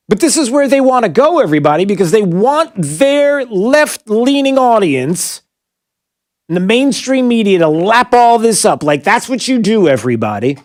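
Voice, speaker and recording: A man's voice: high-pitched, no echo, clean studio sound. A man hosting a political call-in radio show, talking in an agitated, indignant way with many rhetorical questions and fillers. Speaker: radio talk show host.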